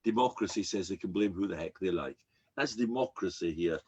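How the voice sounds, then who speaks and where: An older man, a rabbi, giving an emphatic, animated sermon with frequent repetitions. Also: low voice, brisk, slightly rough, highs cut off.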